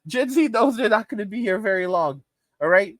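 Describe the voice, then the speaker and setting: High-voiced ranting man. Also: expressive, brisk, a bit bright, no room sound. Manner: ranting, repetitive, emphatic. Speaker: commentary channel host. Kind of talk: reaction commentary.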